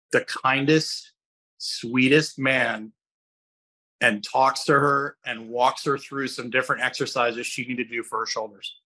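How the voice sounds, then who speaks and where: A middle-aged man, a fitness coach and guest host, chatting casually on a podcast and telling stories in a rambling way, often acting out other people's voices. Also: mid-range voice. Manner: animated storyteller who acts out other people's voices; rambling, with many restarts.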